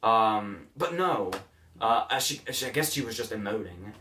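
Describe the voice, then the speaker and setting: A man's voice: lowish voice, expressive, normal speed, pushed and bright, distant mic. A man hosting a casual movie review podcast, sarcastic and mocking scenes as he retells them.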